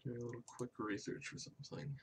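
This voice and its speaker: A man's voice: mid-range voice, level tone, fast talker, slight background noise. A man hosting a livestream, chatting casually and thinking aloud while he draws. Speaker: livestream host and artist.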